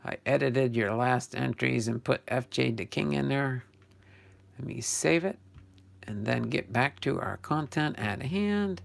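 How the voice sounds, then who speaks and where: An older man with a gravelly edge to a middle-pitched voice hosts a relaxed live stream about sports cards. He talks loosely, stops to correct himself and thinks out loud. He grew up in New Jersey. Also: measured pace. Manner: chatty, self-correcting, thinking aloud. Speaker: sports card channel host. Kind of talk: casual live stream chat.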